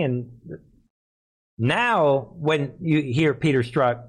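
A man delivering a political commentary monologue as a show host, his voice sitting a little high. He talks emphatically and leans on rhetorical questions. His pitch jumps up sharply on key words. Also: a little slow.

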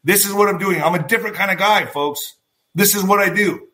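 A commentary vlogger with a high, sharp male voice talks a little fast in a profane political rant aimed straight at his viewers. He is blunt, emphatic, and swears, addressing his audience as folks.

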